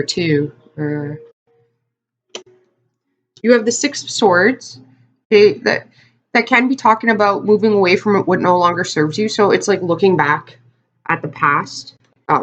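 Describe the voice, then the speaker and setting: A woman's voice: mid-range voice, dull audio. A woman giving a casual tarot card reading to her viewers, talking in a chatty, rambling way with lots of fillers and asides. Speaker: tarot reader.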